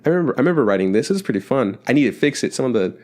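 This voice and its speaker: Fast-talking young man, rambling. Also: medium pitch, very animated, darkish tone. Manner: rambling, swears freely, restarts a lot. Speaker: podcast co-host. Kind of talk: casual chat. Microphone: studio mic.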